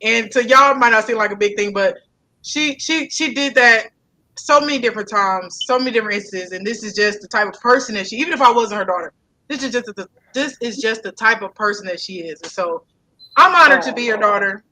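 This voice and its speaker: A young woman, telling a family story in casual chat, animated and fond of repeating herself. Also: on the high side, fairly quick, low-quality recording. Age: young adult.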